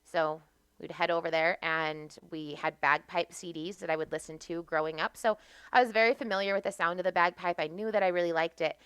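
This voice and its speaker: An American woman telling stories about her childhood as a podcast guest, animated and laughing often. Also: lowish voice, a little fast, smooth, dry recording. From United States. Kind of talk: casual storytelling.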